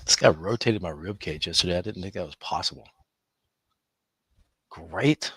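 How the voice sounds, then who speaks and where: A man's voice: deep voice, moderate pace, a bit bright, breathy edge, dry recording. A man hosting a live trading room, talking emphatically to his viewers, scolding them and laughing often.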